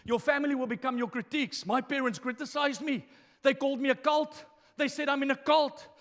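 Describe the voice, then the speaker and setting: Male pastor, very high voice, fiery sermon delivery, long hall reverb. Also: fairly even intonation, fairly quick. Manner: impassioned preaching, swinging between quiet asides and shouting.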